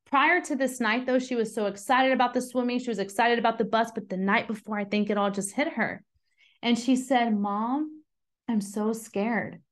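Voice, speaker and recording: High-voiced earnest young mom. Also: female voice. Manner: chatty, earnest, asks the audience questions. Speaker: mom sharing a devotional talk. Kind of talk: casual faith talk.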